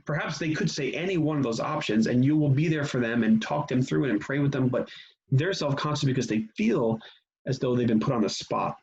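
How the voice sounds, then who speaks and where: A man teaching a church class on grief in a conversational manner, often pausing with fillers and restarting his sentences. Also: mid-range voice, animated, a little mellow, husky. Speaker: pastor. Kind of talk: teaching session. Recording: dull lo-fi sound.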